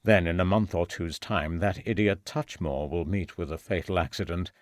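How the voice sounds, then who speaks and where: A man voicing a scheming, murderous gentleman villain in an audiobook, speaking in a low, sneering, menacing way. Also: normal speed, dry recording, clean studio sound, lightly acted. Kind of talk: audiobook character voice.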